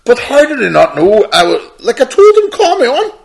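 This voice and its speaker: A man, co-hosting a podcast and telling a story in an exasperated, animated way with plenty of swearing. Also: very high voice, brisk, vocal fry. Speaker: podcast co-host. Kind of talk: casual chat.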